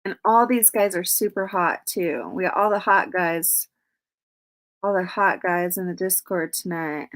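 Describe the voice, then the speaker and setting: A woman's voice: lowish voice, measured pace, fairly bright tone. Chatty, cussing woman hosting a livestream. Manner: chatty, profane, reads out viewer comments. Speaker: livestream host. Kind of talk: casual livestream chat.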